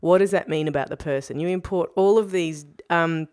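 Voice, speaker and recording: A woman talks through a casual podcast chat in a voice pitched a bit low. She is animated, laughs often and breaks off to restart her sentences. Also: a little fast, clean tone. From Australia. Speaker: podcast co-host.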